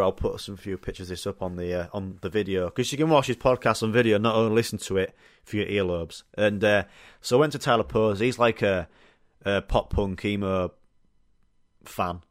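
This podcast host from Yorkshire, England, with a Yorkshire accent and a voice on the low side, talks fairly quickly. His casual storytelling chat rambles, packed with fillers and the occasional swear word, in clean studio sound without room noise.

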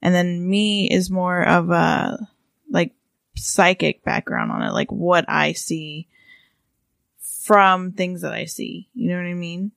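A woman's voice: fairly low pitch, big pitch swings, slow, creaky, fairly bright tone, dry recording, studio quality. A woman co-hosting a podcast who calls herself a psychic, chatting casually with lots of fillers. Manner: filler-heavy, giggly. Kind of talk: casual chat.

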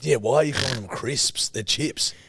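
Teasing Australian man with gravelly voice. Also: mid-range voice, moderate pace, a bit bright, dry recording. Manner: teasing, swears freely. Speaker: podcast co-host. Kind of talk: casual banter.

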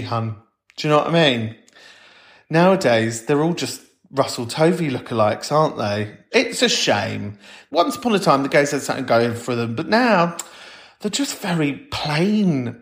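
A camp man hosts a podcast in a sardonic, mocking tone. He breaks into theatrical outbursts and bits of mock outrage. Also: mid-range voice. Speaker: podcast host. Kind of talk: comedic solo podcast with listener calls.

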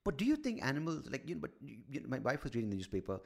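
A man's voice: mid-range voice, sing-song, rapid-fire, creaky, a little mellow, slightly rough. A man hosting a solo podcast, ranting in a profane, sardonic way. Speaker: podcast host.

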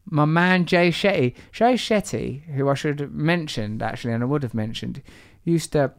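A man's voice: a little high, normal speed, no echo. A man hosting a podcast, teasing and rambling through asides between introductions. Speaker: podcast host. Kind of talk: playful podcast intro and banter.

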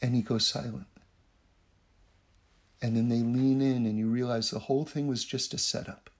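A man telling a story in a lively way, acting out the voices of the people in it and laughing between lines. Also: mid-range voice, moderate pace. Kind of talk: animated storytelling talk.

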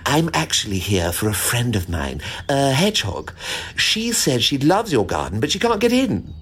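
A man's voice: medium pitch, wildly swooping pitch, normal speed, a bit bright, breathy edge, pitched above the performer's own voice, full character voice. A man voicing a chatty, helpful squirrel in a children's storybook, explaining things.

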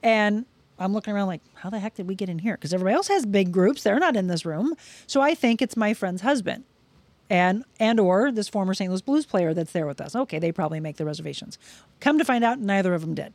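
A woman's voice: mid-range voice, quick pace, no echo. Middle-aged woman telling a story. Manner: lively, acts out quoted dialogue. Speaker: podcast guest. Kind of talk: casual storytelling.

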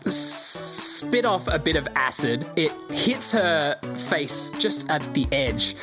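A woman with a deep, low voice narrates a tabletop game as game master. She is playful and quick to laugh, and music plays behind her. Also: big pitch swings.

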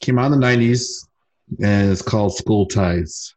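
A man co-hosting a casual podcast, recounting a movie plot in a relaxed way. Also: lowish voice, normal speed, rough recording. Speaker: podcast co-host. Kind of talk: casual chat.

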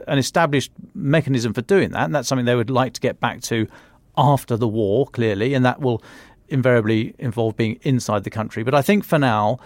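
A man's voice: mid-range voice, no echo. A man with a British accent discussing military matters in a conversational podcast chat, often restarting phrases and stressing points. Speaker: defence editor.

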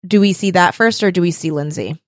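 A woman's voice: fairly low pitch, fairly quick, no echo. Woman chatting, dry close sound. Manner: animated retelling with quoted character voices. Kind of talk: casual recap chat.

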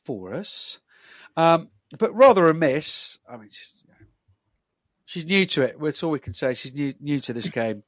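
A man with a fairly high-pitched voice co-hosts a casual podcast, rambling loosely with lots of fillers and restarts. The recording has no room sound.

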